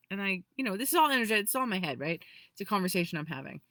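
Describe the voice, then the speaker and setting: A woman in her forties, an energy healer, giving a casual spiritual talk in a rambling, animated way full of restarts. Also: medium pitch, rapid-fire, no room sound. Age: 40s.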